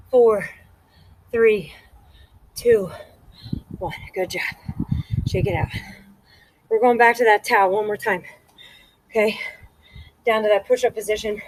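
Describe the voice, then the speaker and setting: A woman's voice: medium pitch, no echo, low-quality recording. A woman fitness instructor leading a guided workout, out of breath, counting reps aloud and encouraging.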